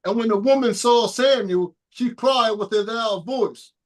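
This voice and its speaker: A man reading archaic scripture aloud in a steady, plain manner during a Bible study. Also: very high voice, measured pace. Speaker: scripture reader.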